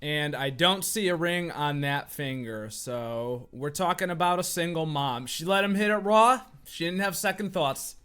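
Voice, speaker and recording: A man with a notably high speaking voice reacts to clips on a stream. His commentary is casual, profane and openly mocking. He sounds blunt and dismissive. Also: measured pace, hardly any pauses, fairly bright tone, clean tone, soft background music.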